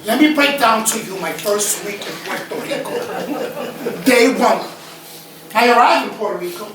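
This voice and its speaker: A Bronx man with a fairly high voice performs an animated, salty comic monologue on a theater stage. He is miked from a distance, so the sound is very echoey and the room noise of the audience comes through. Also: normal speed. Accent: New York (Bronx). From the Bronx, New York. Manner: animated, profane storytelling.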